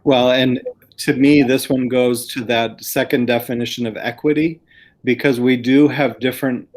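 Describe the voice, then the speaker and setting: A man's voice: medium pitch, fairly even intonation, normal speed. A man who works as a school district administrator, explaining plans to a planning group in an earnest, explanatory way over a video call.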